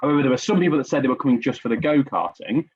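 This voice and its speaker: A man's voice: mid-range voice, lively intonation, rapid-fire, husky, dry recording. A man telling stories in a casual podcast chat, self-deprecating and chatty. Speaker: podcast guest. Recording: dull lo-fi recording.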